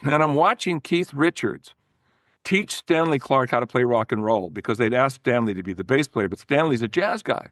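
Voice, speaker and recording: An older man, a former record promoter, telling animated, profane stories as a podcast guest, often restarting his sentences. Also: medium pitch, moderate pace, no echo, clean studio sound. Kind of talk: casual storytelling in a podcast interview.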